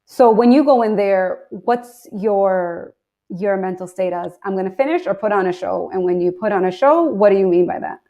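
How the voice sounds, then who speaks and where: A woman's voice: mid-range voice, normal speed, lo-fi sound. A woman hosting an interview, curious, asking long and winding questions of her guest. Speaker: podcast host.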